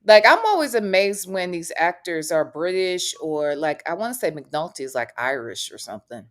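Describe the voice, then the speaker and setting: A woman hosting a casual podcast, talking in a relaxed, chatty way. Her voice sits a little low, and she is frank and opinionated, swearing bluntly when she feels strongly. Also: moderate pace. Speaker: podcast host.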